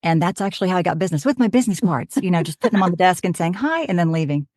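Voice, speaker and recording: A woman in her fifties from Oklahoma, a voiceover artist, telling her story in a chatty, animated way on a podcast. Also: lowish voice, very fast, no room sound, studio quality. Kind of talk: casual podcast chat.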